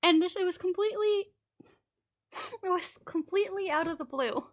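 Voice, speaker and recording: A woman's voice: extremely high pitch, moderate pace. A woman streamer from Canada telling rambling, laughing anecdotes in a casual chat and acting out children's lines.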